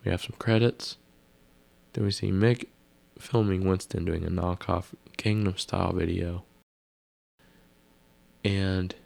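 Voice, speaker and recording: A man recaps a TV episode in a loose, rambling way, dropping wry asides and musing out loud. His voice sits very low and carries a gravelly fry. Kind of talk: casual spoken episode recap.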